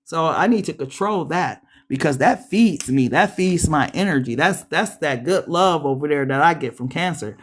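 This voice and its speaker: A woman's voice: low-pitched, moderate pace, hardly any pauses, breathy edge. Chatty woman giving a tarot reading. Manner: animated, chatty, addresses viewers directly; frequent laughs and acted-out quotes. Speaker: tarot reader. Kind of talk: casual tarot reading to camera.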